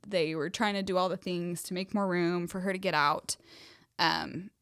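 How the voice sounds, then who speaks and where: A woman's voice: lowish voice, fairly even intonation, normal speed, fairly bright tone, smooth, no echo, studio quality. A young woman co-hosting a podcast, telling a personal story in casual chat with many fillers and emotion. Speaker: podcast co-host.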